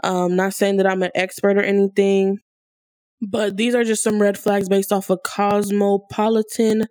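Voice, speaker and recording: A woman's voice: mid-range voice, level tone, normal speed, a little mellow, no room sound, studio quality. A young woman hosting a podcast in a casual, upbeat and encouraging way, hyping up her listeners. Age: young adult. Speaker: podcast host.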